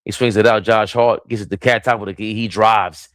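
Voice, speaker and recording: A man's voice: fairly low pitch, steady tone, brisk, few pauses, a bit bright, clear, resonant tone, dry recording, clean studio sound. A man streaming casual play-by-play commentary from home, hyped and playful with sing-song nicknames. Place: small room at home.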